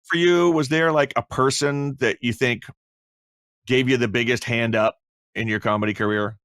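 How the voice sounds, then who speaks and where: A man's voice: mid-range voice, fairly even intonation, normal speed, a bit bright, clean tone, dry recording, clean studio sound. A man hosting a podcast, asking his guest questions in a friendly way and laughing along with him. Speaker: podcast host. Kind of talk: interview questions.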